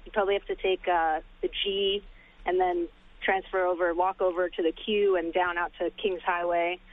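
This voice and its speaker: Female New caller, lower voice, phone-line thin with faint hiss. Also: level tone, normal speed, no echo. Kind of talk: radio call-in.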